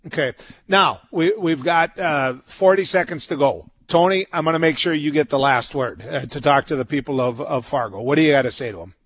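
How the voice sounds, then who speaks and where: A man hosting a radio talk show, brisk and conversational with a caller. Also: on the high side, a bit bright, breathy edge, no room sound, muffled recording.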